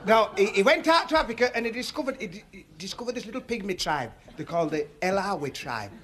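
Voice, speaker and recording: A Northern English stand-up comedian telling jokes in a chatty, folksy way. His voice sits high and swings widely in pitch as he rattles through the story. He keeps coming back to friendly dialect turns of phrase. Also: big pitch swings, fast talker, a crowd in the background.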